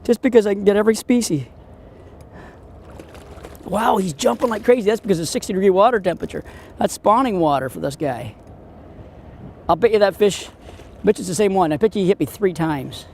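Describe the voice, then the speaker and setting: A man hosts a fishing show from a boat outdoors, his voice pitched high with a gravelly edge. He exclaims at every catch and even chats to the fish as he reels them in. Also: a little fast, long pauses, slight background noise. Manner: excitable, exclamatory, talks to the fish. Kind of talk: on-the-water fishing commentary.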